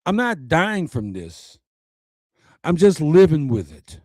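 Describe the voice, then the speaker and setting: A man's voice: fairly high pitch, big pitch swings, slow, no room sound. A man hosting his own show, delivering a personal, uplifting message in an earnest, preacher-like way with repeated phrases.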